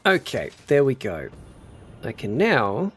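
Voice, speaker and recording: A man's voice: medium pitch, huge pitch swings, slow pace, fairly bright tone, breathy edge, faint music behind. A man casually chatting on a gameplay livestream, muttering to himself while building and answering his chat. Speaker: streamer.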